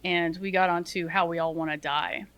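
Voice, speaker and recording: A middle-aged woman, a retired Army sergeant, telling stories as a podcast guest in a lively, self-deprecating way, laughing often and acting out what people said. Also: lowish voice, normal speed. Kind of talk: casual interview storytelling.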